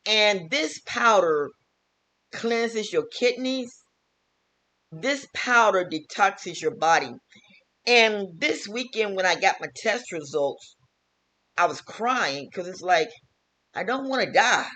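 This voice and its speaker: A woman's voice: mid-range voice, expressive, slow pace, sharp tone. A woman, a health vlogger and teacher, talking earnestly and repetitively in a casual home wellness vlog from her kitchen.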